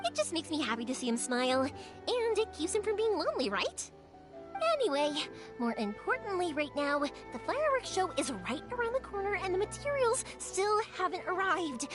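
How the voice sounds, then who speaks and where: A young woman voicing a lively, upbeat fireworks maker's daughter who chats warmly and animatedly, in game voice acting. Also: very high voice, normal speed. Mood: affectionate. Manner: bright, chatty and animated. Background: game music.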